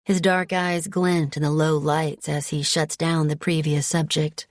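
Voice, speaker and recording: A woman narrating a first-person romance audiobook in a calm, soft, measured way. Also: deep voice, dry recording, studio quality.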